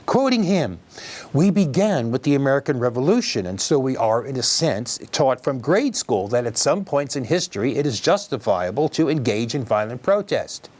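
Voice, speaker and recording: A man's voice: mid-range voice, big pitch swings, moderate pace, darkish tone. A man hosting a news commentary program, giving opinionated, wry remarks and addressing listeners directly. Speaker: commentary host.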